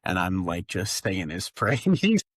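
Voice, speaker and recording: A young man co-hosting a podcast, talking hockey in a quick, offhand way. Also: sits low, big pitch swings, dry recording, clean studio sound. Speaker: podcast co-host. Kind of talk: casual sports chat.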